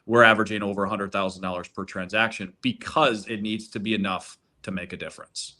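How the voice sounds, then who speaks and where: A man's voice: on the low side, steady tone, fast talker, pushed and bright. A man speaking as a gold consultant on a webinar, persuasive, often repeating a word as he starts. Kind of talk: webinar presentation.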